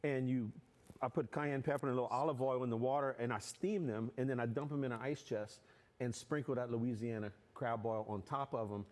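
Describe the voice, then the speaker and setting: Relaxed man explaining how he cooks. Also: medium pitch, fairly quick. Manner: relaxed, rambling, explains step by step. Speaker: guest cook. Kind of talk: casual explanation.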